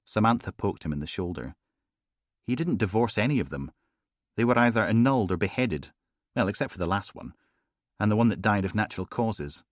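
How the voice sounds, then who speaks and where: A man narrating a crime audiobook in a measured, dry storytelling manner on a close mic. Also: on the low side, expressive, no echo. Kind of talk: scripted narration.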